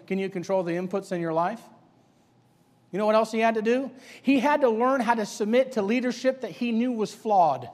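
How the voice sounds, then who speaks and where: A male preacher with a high voice, preaching to young people in a church. He talks colloquially and emphatically, throwing out one rhetorical question after another. His words ring out with a long reverb across a large hall. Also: fairly quick, a little mellow. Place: church sanctuary.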